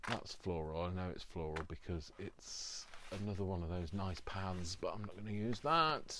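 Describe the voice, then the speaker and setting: A man's voice: sits low, normal speed, background noise. A man hosting his own craft video, rambling along and teasing himself as he works. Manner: self-deprecating, talks to himself. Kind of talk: casual rambling craft tutorial.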